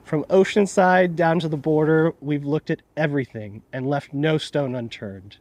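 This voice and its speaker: A man, a club owner, giving a measured, prepared public statement. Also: fairly high pitch, darkish tone, no room sound. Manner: measured, formal. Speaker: club owner making an announcement.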